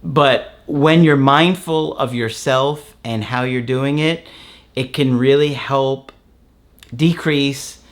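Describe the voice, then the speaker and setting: A man's voice: mid-range voice, takes it slowly. Man chatting loosely as a host. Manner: relaxed, storytelling with many fillers. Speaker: relationship coach and host. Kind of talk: casual podcast chat.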